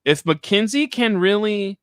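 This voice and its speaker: A man's voice: sits high, animated, measured pace, clean tone, no echo. A man co-hosting a reality TV recap livestream, chatting casually and mimicking people as he retells scenes. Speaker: co-host of a reality TV recap show.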